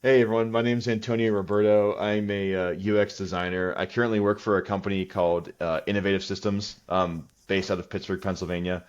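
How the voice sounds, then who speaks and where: A man's voice: lowish voice, level tone, fairly quick, few pauses. A man, a podcast guest, introducing himself in a friendly, slightly hesitant way. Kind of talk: casual chat. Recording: dull lo-fi mic.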